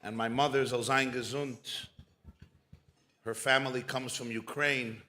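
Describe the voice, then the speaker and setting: A man's voice: medium pitch, fairly even intonation, sharp tone. A man who is a rabbi, giving a keynote speech full of jokes and stories. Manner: storytelling with jokes, unhurried.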